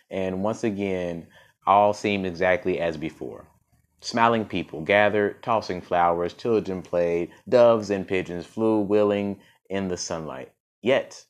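A man reading a story aloud, stumbling over words and often restarting mid-phrase. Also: low voice. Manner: stumbling reading with frequent restarts and self-corrections. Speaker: podcast storyteller.

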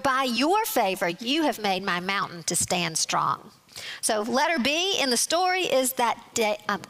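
A woman leads a Bible lesson, walking her listeners through a psalm verse by verse. She explains carefully and reads the scripture passages aloud at an even, unhurried pace, in a voice of middling pitch for a woman. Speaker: Bible teacher. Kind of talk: Bible teaching.

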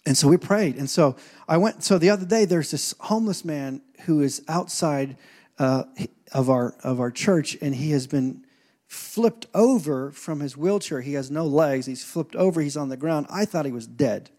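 A man preaching a sermon as pastor, telling stories and acting out scenes, swinging from quiet asides to loud points. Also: a little high, lively intonation, normal speed.

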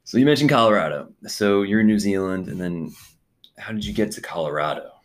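Man, American accent, very low voice, friendly casual interviewer. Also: animated, fairly quick. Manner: friendly, laughs along, short acknowledgements. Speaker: podcast host interviewer.

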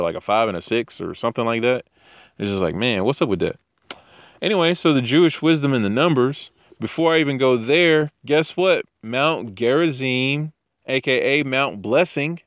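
A man's voice: mid-range voice, clear, resonant tone, no room sound, highs cut off. A man giving casual scripture teaching with jokey asides, rambling tangents and frequent restarts. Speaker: teacher of Torah.

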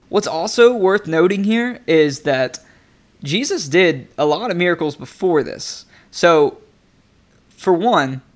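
A man giving a casual devotional teaching, talking in an animated, conversational way and laughing often. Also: on the high side. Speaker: preacher.

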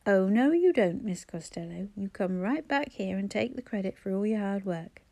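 A woman's voice: mid-range voice, big pitch swings, normal speed, warm tone, breathy edge. A woman reading an audiobook, voicing a cantankerous scheming old man who bellows and mocks. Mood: blustering. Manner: blustering, mocking. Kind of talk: audiobook character voice.

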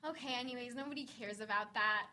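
A woman co-hosting a podcast with a very high, bright voice. She talks in quick, bubbly, teasing banter and asks her guests question after question. Her easy chat often quickens when she gets excited. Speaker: podcast co-host.

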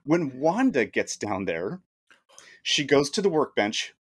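A man's voice: medium pitch, very animated, slow, husky. Incredulous man reading from his notes. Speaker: podcast co-host. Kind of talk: casual movie-riffing chat.

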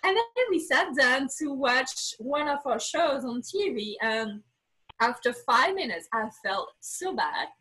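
A woman guest on a podcast, telling a candid personal story with animated, acted-out bits of dialogue; English is not her first language. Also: high-pitched, a little slow, breathy edge, poor audio. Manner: animated, acts out quoted dialogue, frequent restarts.

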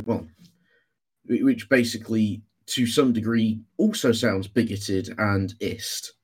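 A man's voice: on the low side, a little mellow. A young man, a university student co-hosting a podcast over a patchy online call, rambling and cursing as he corrects himself mid-sentence. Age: young adult. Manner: sweary, rambling, self-correcting. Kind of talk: casual chat. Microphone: computer mic over a dropping internet call.

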